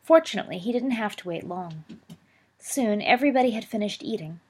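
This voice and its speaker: A woman reading a story aloud as a narrator, in a steady, expressive way. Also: mid-range voice, fairly quick, breathy edge. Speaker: audiobook reader.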